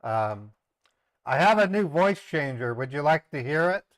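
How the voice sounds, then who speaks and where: A man hosting a casual live stream, rambling and halting with many ums as he sets up a voice changer. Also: a little high, expressive, no echo. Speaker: scambaiting streamer.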